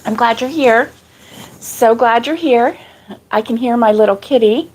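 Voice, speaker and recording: A woman's voice: a little high, measured pace, darkish tone. A woman hosting a casual live crochet stream, out of breath, chatting and greeting viewers by name. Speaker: crochet channel host.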